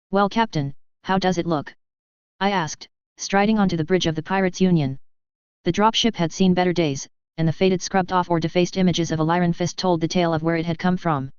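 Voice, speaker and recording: Narrator for a first-person story, crisp voice, dry and a bit dull in sound. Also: mid-range voice, dry recording.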